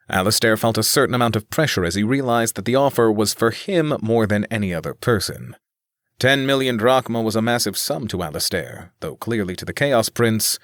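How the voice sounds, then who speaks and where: A man narrating a fantasy audiobook in a steady, even reading. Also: lowish voice, no echo, studio quality. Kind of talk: scripted narration.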